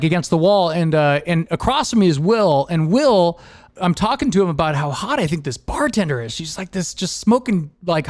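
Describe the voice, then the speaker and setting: A man in his forties hosting a podcast, telling rambling stories in a casual, animated way and laughing often. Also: a little high, dry recording. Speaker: podcast host. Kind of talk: casual storytelling chat.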